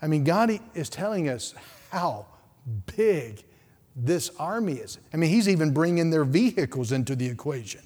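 A man preaching a sermon as pastor, swinging from hushed, quiet passages to loud, climbing peaks. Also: fairly high pitch, lively intonation, normal speed. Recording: long hall reverb.

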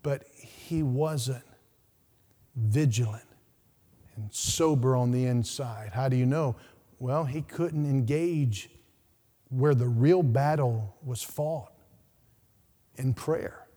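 A man's voice: mid-range voice, slow, long pauses. Preaching man in a reverberant church. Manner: preaching with big swings from hushed to loud. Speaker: pastor. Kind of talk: sermon. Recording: long hall reverb.

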